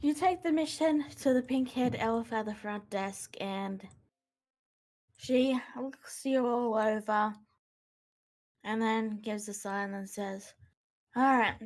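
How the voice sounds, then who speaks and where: A woman game master guides her players through a session. Her voice sits a little high and she speaks slowly and calmly. She sets scenes and asks what they want to do. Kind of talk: narrating a tabletop game.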